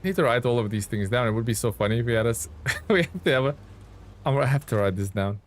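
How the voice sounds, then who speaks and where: A medium-pitched, quick-talking gaming streamer offers casual live commentary, chatting with viewers mid-game. He's playful and self-mocking, laughing often at his own slip-ups.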